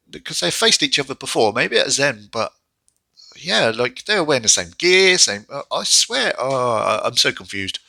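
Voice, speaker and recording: Guy, bright cutting voice, exasperated rambling reviewer, dry close mic. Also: creaky, no room sound. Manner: rambling, exasperated, jumps into high mock voices. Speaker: wrestling reviewer. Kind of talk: casual solo review.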